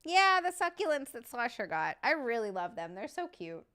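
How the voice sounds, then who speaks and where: Bright, chatty woman livestreamer. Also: on the high side, normal speed, clear, resonant tone. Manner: chatty, swears freely, reads and thanks viewers; animated, sarcastic jokes. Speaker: livestream host. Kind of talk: casual live-chat stream.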